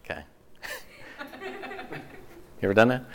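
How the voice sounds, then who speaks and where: A pastor giving a casual, jokey sermon, asking the audience questions and laughing often. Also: male voice, mid-range voice, huge pitch swings, slow.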